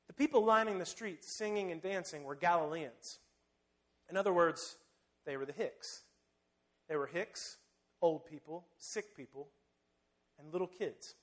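A man preaching a sermon, telling the story vividly and swinging between loud emphasis and hushed, quiet lines. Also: fairly high pitch, measured pace, long pauses. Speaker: pastor.

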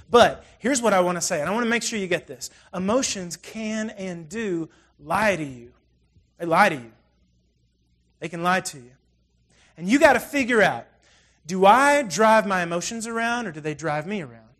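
Animated, high-voiced male preacher. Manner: conversational, animated storytelling with frequent asides. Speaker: pastor. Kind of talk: sermon.

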